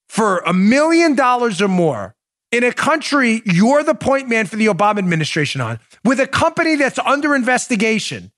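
Male political show host: emphatic, opinionated, throws rhetorical questions at listeners, lively pitch. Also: a little fast. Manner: emphatic, addresses audience as folks; rhetorical questions, restarts sentences. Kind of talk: opinionated commentary.

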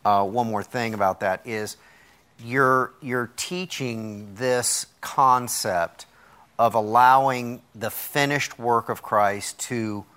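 A man's voice: medium pitch, steady tone, slow, a bit bright, clear, resonant tone. A man hosting a Christian talk show, enthusiastic and reacting to his guest. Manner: enthusiastic, reacts with frequent wows. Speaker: host.

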